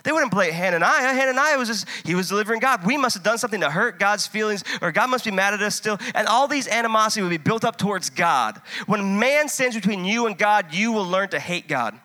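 A man preaching a sermon, impassioned and conversational, swinging from loud urging to hushed storytelling. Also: high voice, animated, a little fast, hardly any pauses. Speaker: pastor.

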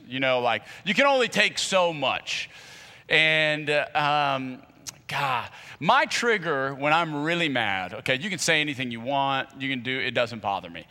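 A man telling a comic personal story in a sermon, animated and acting out quotes with loud bursts, in a large church auditorium. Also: mid-range voice, long reverb tail.

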